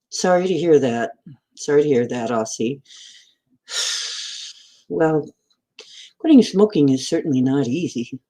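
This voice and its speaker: A woman's voice: deep voice, mellow. A woman hosting a casual live stream from home, greeting viewers by name and rambling in a giggly, stream-of-consciousness way. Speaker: livestream host.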